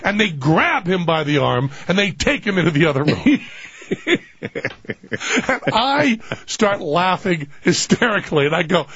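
A man telling a comic story in casual chat, animated and self-mocking, often laughing. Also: high voice, a little slow, breathy edge, dry recording. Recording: dull, dry, slightly muffled sound.

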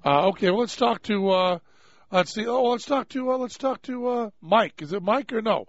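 Rambling radio host, slightly high voice. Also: male voice, no echo. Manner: rambling, jokey, quick to laugh. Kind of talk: casual radio talk. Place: radio studio. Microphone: studio microphone. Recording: dry, dull-toned studio sound.

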